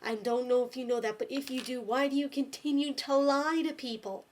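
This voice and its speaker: A woman's voice: high-pitched, steady tone, brisk, a little hiss or hum. A woman delivering an exasperated, scolding rant straight to the camera, swearing often. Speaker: video blogger.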